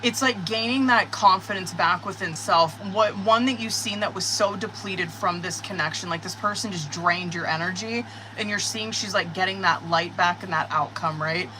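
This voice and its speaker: A woman doing a live-stream tarot reading, talking straight to her viewers in an excitable, profane, chatty way. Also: on the low side, moderate pace, few pauses, background noise. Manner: excitable, cursing, talks to viewers. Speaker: tarot reader.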